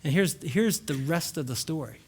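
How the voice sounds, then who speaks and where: A man in his sixties speaking at a marriage conference, telling a personal story to a live audience. He goes from lively and loud to hushed and slow at the emotional moments, with wry asides to the crowd. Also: on the high side, breathy edge.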